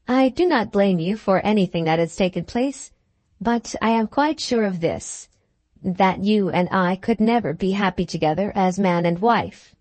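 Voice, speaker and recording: A woman reading the part of a resolute young Victorian woman in an audiobook, measured and firm. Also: mid-range voice, a little mellow, no room sound, lightly acted.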